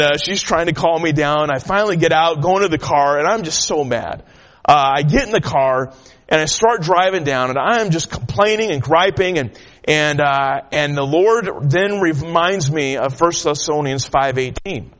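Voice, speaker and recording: A man's voice: a little high, moderate pace, a bit bright. A man preaching a sermon, telling a personal story in a folksy way with many filler sounds. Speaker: pastor. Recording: long hall reverb.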